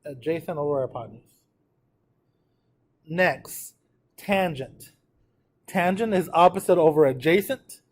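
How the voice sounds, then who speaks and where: A math teacher with a slightly high voice gives a trigonometry lecture at a measured pace, leaving long pauses. He checks in frequently with students and drills pronunciation by having the class repeat terms aloud.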